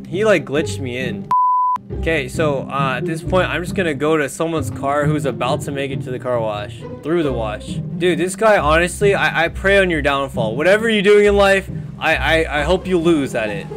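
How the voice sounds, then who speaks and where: A slightly high-voiced young man narrates his gameplay in a loose, jokey way. He often breaks into loud, excited yelling at other players. Loud background music plays under his voice the whole time. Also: moderate pace. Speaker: gaming video creator. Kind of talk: casual gameplay commentary.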